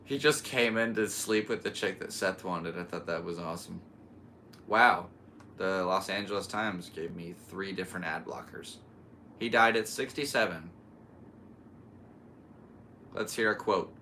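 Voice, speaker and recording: A man's voice: sits low, moderate pace, pauses often, pushed and bright, a little hiss or hum. A man who is a comedian, hosting his podcast in a casual solo chat, rambling and laughing as he talks. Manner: rambling, laughs often, restarts a lot.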